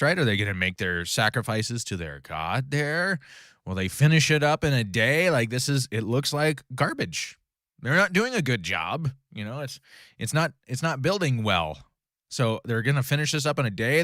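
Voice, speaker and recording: A man leads a relaxed Bible study in a mid-pitched voice, talking through a passage conversationally and often stopping to correct himself or ask "right?" The sound is close and dry, with little room in it. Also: no echo. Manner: conversational, frequent fillers and self-corrections, "right?" check-ins. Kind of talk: casual Bible study teaching.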